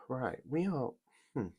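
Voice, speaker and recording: A man's voice: mid-range voice, very animated, slow pace, mellow, breathy edge. A young British man casually chatting to viewers on a live stream while he builds a Lego set, in a rambling, chatty way. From Britain. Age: young adult.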